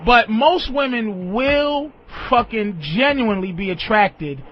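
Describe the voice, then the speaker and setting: A man's voice: high voice, expressive, takes it slowly, muffled recording, slight background noise. A man hosting a radio talk show, ranting bluntly and profanely with lots of emphasis.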